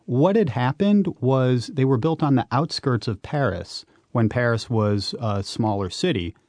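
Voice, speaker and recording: Man telling animated stories as a guest. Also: medium pitch, a little slow, no room sound, clean studio sound. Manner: animated storytelling, emphatic. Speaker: guest, urban explorer and author. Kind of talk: radio interview.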